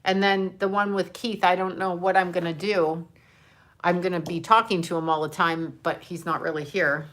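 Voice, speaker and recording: A woman's voice: on the low side, fairly even intonation, normal speed, fairly bright tone. An older woman, a grandmother, chatting casually and emotionally on a livestream, rambling and swearing now and then. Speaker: livestream host.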